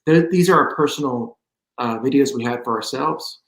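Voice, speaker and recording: A man's voice: mid-range voice, moderate pace, a bit bright. A man, a musician guest in an interview, talking in an easygoing way with many fillers and restarts. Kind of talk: casual interview chat. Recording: roomy echo.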